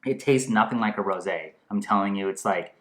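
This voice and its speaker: A man with a fairly low voice hosts a casual wine tasting. He rambles excitably and stops and restarts as he searches for words. The room sounds echoey. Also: brisk, a little hiss or hum. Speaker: host.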